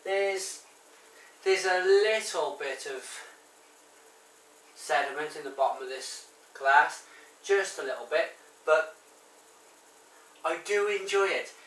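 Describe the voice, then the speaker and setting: A man's voice: on the high side, slow pace, pauses often, a bit bright, far from the mic. A man with a Barry Welsh accent, reviewing a bottled beer in a chatty, rambling way full of ums and restarts. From Wales. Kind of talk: casual review to camera. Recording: echoey room, voice off-mic.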